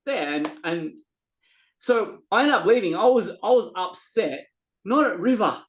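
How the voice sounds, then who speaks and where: On poor audio with a little hiss or hum, a middle-aged podcast guest speaks in a high-pitched, unhurried way. He tells a story casually, animatedly voicing quoted dialogue and frequently starting sentences over.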